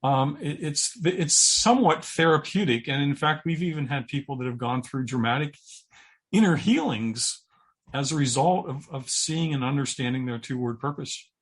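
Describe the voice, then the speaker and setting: Husky-voiced middle-aged male coach. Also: medium pitch, expressive. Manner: earnest, halting, repeats words while thinking. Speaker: guest, purpose coach and speaker. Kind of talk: interview conversation.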